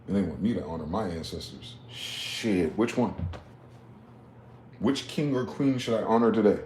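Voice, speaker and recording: A man talking in a rambling, profane late-night monologue, swinging from loud outbursts to low muttering. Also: normal speed, roomy sound, slight background noise. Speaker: vlogger.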